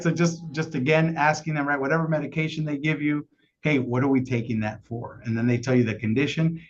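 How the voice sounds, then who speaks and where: A man leading a casual sales training call, energetic and asking "right?" again and again. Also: a little high, fast, a little hiss or hum. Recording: dull lo-fi call audio.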